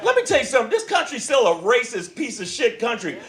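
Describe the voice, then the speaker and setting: A man's voice: very high-pitched, wildly swooping pitch, fast, background noise. A man doing a stand-up comedy set on a club stage, brash and profane, slipping into mocking voices. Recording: live club with loud crowd laughter.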